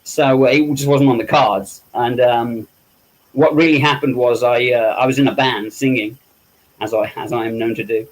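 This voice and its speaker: A man's voice: mid-range voice, steady tone, moderate pace, rough recording. Chatty man telling stories. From England. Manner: storytelling, acts out quoted voices, self-deprecating laughs. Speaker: interview guest, makeup effects artist. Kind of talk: casual anecdotal interview.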